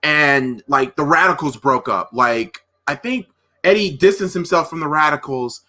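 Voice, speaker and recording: A man hosting a live watch-party stream, reacting with excited, rambling commentary that often breaks off mid-sentence. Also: on the high side, normal speed. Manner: restarts and trails off mid-sentence.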